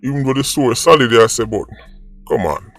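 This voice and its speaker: A man's voice: medium pitch, animated, a little fast, faint music behind. A Jamaican man hosting an opinion vlog, arguing his point and tagging rhetorical "right?" onto his sentences. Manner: argumentative, rhetorical "right?" asides. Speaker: vlog host. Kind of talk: opinion commentary.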